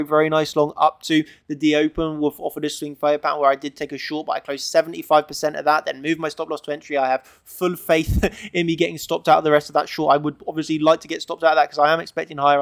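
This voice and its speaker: Male trader-analyst, fairly high, gravelly voice, dry close sound; emphatic, repetitive chart walkthrough. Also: no room sound. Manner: emphatic and repetitive, tags lines with "okay?". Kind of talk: screen-share chart analysis.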